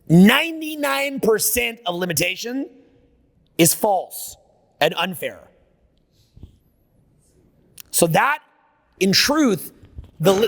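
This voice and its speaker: A man's voice: sits high, creaky, fairly bright tone, long reverb tail. A man giving a live seminar talk, brash and profane, riffing off the cuff. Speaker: seminar speaker. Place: seminar room with an audience.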